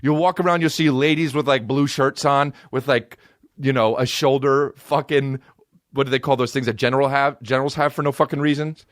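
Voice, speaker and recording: A man hosting a comedy podcast, ranting in a profane, animated way that swings from loud outbursts to low mutters. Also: brisk, dry recording, clean studio sound.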